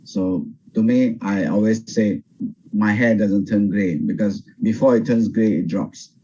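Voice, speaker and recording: Older pastor, dull video-call sound. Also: male voice, lowish voice, slight background noise. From Singapore. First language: Teochew. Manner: animated, pauses and restarts often. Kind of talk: Bible study teaching. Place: home over video call.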